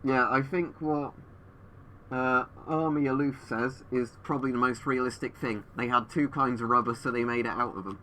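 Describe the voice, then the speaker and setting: A man's voice: medium pitch, fairly even intonation, normal speed, sharp tone, a little hiss or hum. A man streaming from home over a webcam, answering viewers in a rambling way, his voice muffled through a gas mask. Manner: rambling, thinking aloud with fillers.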